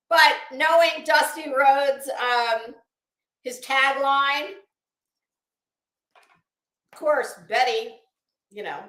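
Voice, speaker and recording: High bright lady rambling slowly on a home livestream, echoey room, swears a lot. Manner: chatty, profane, greets viewers by name. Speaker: livestream host. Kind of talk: casual live chat.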